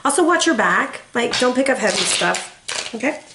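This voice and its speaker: Chatty tarot lady, kinda high voice, gets emotional, echoey room. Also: expressive, normal speed, noisy background. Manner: chatty and emotional, with rambling asides. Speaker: tarot reader. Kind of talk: casual tarot reading.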